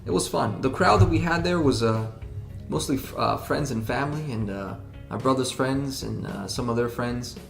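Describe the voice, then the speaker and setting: A man's voice: medium pitch, moderate pace, creaky, hardly any pauses. A man, a rock band member, chatting in an interview, rambling with many restarts and fillers. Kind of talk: casual interview chat. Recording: roomy sound with background music.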